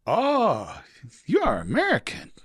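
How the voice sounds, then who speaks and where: A man voicing an excitable male passport officer who keeps pressing his point. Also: sits high, slow pace, breathy edge, voice pushed up, full character voice. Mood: eager, insistent. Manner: insistent, eager questioning.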